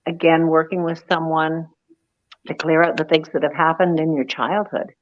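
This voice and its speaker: A woman guest with a lowish voice, laughing at herself in easy conversation. Her sound comes through dull and muffled. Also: level tone, normal speed. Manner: self-deprecating, laughs at herself. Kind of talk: casual chat.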